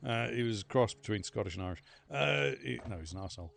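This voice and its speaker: A man's voice: on the low side, expressive, quick pace, vocal fry. A man streaming a survival game, chatting casually with rambling stories and free swearing. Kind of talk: casual gameplay commentary.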